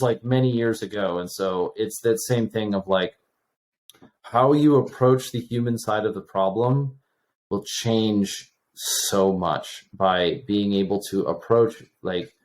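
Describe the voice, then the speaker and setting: A man in his thirties, a podcast guest, casually telling stories and acting out the exchanges with lots of restarts. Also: on the low side. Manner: animated, acts out quoted exchanges, many restarts. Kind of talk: casual storytelling.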